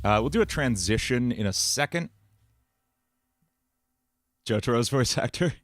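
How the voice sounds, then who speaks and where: A man's voice: mid-range voice, expressive, measured pace, fairly bright tone. Man rambling through casual stream chat. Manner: rambling, jokey, with frequent restarts. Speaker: streamer and musician.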